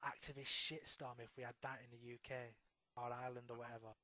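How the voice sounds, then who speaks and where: A man's voice: mid-range voice, level tone, quick pace, sharp tone, dry recording. Crude banter from a dry-sounding man. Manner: crude, banterish, lots of swearing and fillers. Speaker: internet radio co-host. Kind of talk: casual chat.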